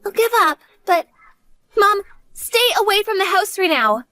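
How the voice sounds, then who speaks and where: Woman playing an earnest college daughter, lively bright voice, dry sound. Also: extremely high pitch, a little slow, no echo, heavily acted. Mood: frightened. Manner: earnest, pleading. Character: devoted college-age daughter, protective and earnest.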